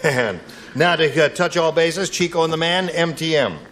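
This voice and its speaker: A man's voice: on the high side, a bit bright, slight background noise. Wisecracking male game show host. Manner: joking, quick quips with the panel. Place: television studio. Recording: studio audience and music. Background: audience laughter and music.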